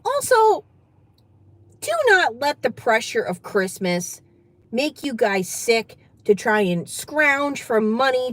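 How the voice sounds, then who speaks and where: Brief: New woman hosting an advice vlog, animated and fairly high, emphatic and repetitive. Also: no echo, low-quality recording. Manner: chatty, emphatic, repeats herself. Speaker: channel host giving advice.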